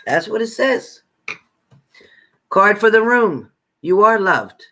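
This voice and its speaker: A fairly high-voiced man reading psychic messages sign by sign. He talks bluntly and bossily, repeating his orders and swearing freely as tough love. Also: big pitch swings, slow, bright, forceful tone. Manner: profane, repetitive, bossy tough-love commands. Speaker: psychic card reader.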